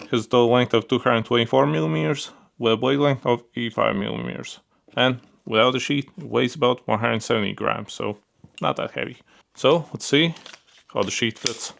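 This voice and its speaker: Gravelly man reviewing gear casually. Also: mid-range voice, fairly quick. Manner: relaxed, repeats fillers like "pretty cool" and "yeah"; handles the gear while talking. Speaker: product reviewer.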